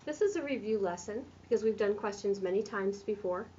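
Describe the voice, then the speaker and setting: A woman's voice: mid-range voice, animated, fairly quick, warm tone, a little hiss or hum. A woman French teacher who explains questions step by step while writing on a board in a classroom. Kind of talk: classroom grammar lesson. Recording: distant lo-fi classroom recording.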